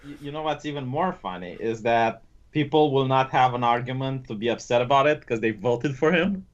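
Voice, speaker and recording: A man's voice: medium pitch, fairly quick. Male guest, wry teasing tone, dull muffled recording. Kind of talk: casual political chat.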